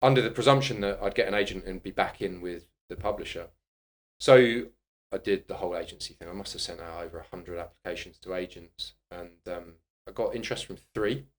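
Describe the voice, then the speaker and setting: A man's voice: low voice, a little fast. A middle-aged man, a podcast guest telling blunt, candid stories and swearing freely. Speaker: guest, personal trainer and author. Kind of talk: candid conversational storytelling.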